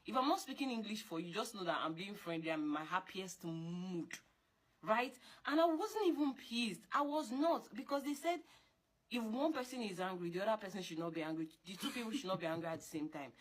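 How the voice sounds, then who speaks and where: A young woman, talking in an animated, scolding way, repeating her points and jumping up in pitch when she insists. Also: fast talker. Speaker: girlfriend in a couple argument. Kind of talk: casual heated monologue.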